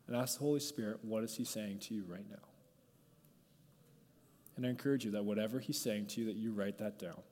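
A man's voice: on the low side, steady tone, fairly quick, pauses often, darkish tone. A male pastor giving an informal, conversational sermon and leading a prayer, talking loosely and often saying "like". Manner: conversational, peppered with "like", going off script. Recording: long hall reverb.

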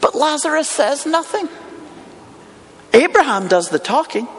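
A man's voice: extremely high pitch, very animated, a little slow, pauses often. A man preaching a sermon, telling a Bible story with rhetorical questions. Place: church hall with congregation and online viewers. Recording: long hall reverb.

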